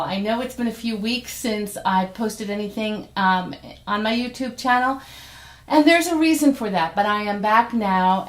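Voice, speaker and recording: A middle-aged woman hosting a casual devotional talk, chatty and animated, with fillers and restarts. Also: mid-range voice. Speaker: devotional host and teacher. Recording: roomy echoey room sound.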